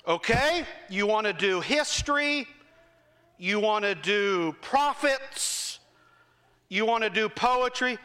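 A man preaching a sermon, telling folksy stories in a conversational way and slowing down for emphasis. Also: sits high, lively intonation, sharp tone, smooth. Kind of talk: sermon with storytelling. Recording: reverberant hall.

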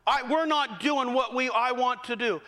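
A man preaching a sermon, telling folksy stories in a conversational way and slowing down for emphasis. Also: very high-pitched, sharp tone. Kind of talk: sermon with storytelling. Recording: reverberant hall.

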